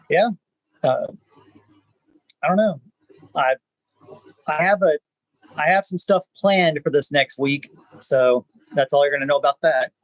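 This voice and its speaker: A man, hosting a rambling live chat with viewers, pausing often with "uh". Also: fairly high pitch, no room sound, low-quality recording. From South Texas. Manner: laid-back, rambling, frequent "uh" pauses. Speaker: channel host.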